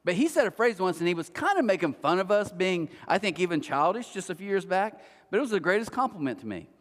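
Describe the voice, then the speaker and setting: Animated high-voiced man preaching in a hall. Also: quick pace. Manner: animated storyteller with self-mocking humor, talks straight to listeners. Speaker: pastor. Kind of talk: conversational sermon. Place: church auditorium. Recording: long church-hall reverb.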